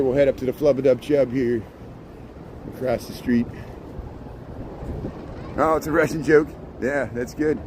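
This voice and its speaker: A middle-aged man rambles cheerfully into his phone as he strolls down a city sidewalk on a live stream. His voice sits at an ordinary middle pitch, and faint street noise hums underneath. He chats loosely and calls out to viewers by name. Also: warm tone, rough recording. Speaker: live-streaming walking vlogger. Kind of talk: casual live-stream narration. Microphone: phone held while walking.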